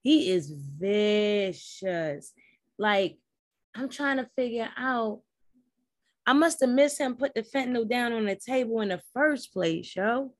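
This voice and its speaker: Young adult woman, podcast host, casual live recap, rambling, blunt, profane, talks to listeners, fairly high voice, dry close sound. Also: measured pace, no echo.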